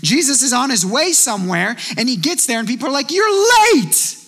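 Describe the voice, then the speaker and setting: A man preaching a sermon in a conversational, animated way, telling stories and quoting voices as he goes. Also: extremely high pitch, fast talker, in a large hall. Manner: conversational, animated storytelling with acted quotes. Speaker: pastor.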